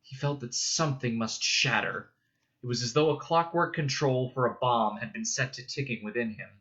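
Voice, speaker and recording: A man reading a novel aloud in a measured, steady narration. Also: medium pitch, lo-fi sound. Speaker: reader. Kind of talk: audiobook narration.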